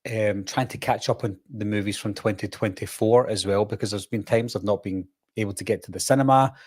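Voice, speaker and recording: A man's voice: fairly low pitch, fairly even intonation, brisk, a little mellow. A man from the in his thirties, hosting a casual live-stream chat, talking in a chatty, rambling way and laughing easily. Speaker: host.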